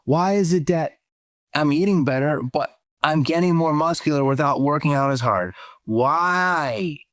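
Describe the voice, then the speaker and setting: Slow, rambling man in a dry clip. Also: fairly high pitch, fairly bright tone, no room sound. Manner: rambling, asks questions over and over. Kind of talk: rambling solo video monologue.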